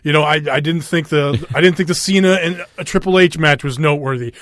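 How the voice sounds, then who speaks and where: A man in his late thirties with a Minnesota accent chats as a podcast co-host, his voice sitting a little high. He rambles, trips over his own sentences and chuckles along the way. The sound is close and dry, with no room around it. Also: fast, a bit bright, no echo. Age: 30s. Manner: rambling, self-interrupting, chuckling. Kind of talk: casual chat.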